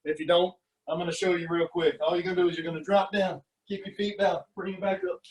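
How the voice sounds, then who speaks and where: A man's voice: high-pitched, level tone, fast. A man coaching a youth golf class over video, talking kids through a lesson and counting out exercises as he does them. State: out of breath during burpees. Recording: voice a little distant from the mic.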